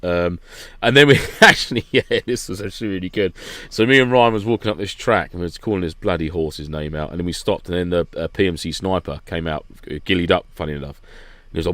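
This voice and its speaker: A man with a fairly low voice tells a long, rambling story and laughs his way through it in a relaxed podcast chat. The sound is dry and close to the mic. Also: quick pace, no echo. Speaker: podcast guest regular recounting an event. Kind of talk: casual chat.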